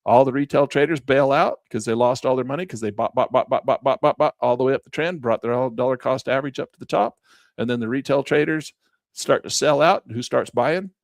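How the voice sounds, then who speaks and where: Male trading instructor, folksy and emphatic, mid-pitched, dry close sound. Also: brisk, vocal fry, dry recording. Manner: emphatic, folksy, chanting repeated words. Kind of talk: casual chart walkthrough lesson.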